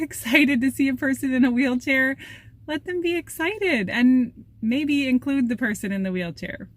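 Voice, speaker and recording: A woman's voice: a little high, a bit bright, no echo. Chatty woman vlogging on the go. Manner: chatty, upbeat, laughs often. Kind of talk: casual travel vlog. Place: outdoors and in a cabin. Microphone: handheld camera, self-filming.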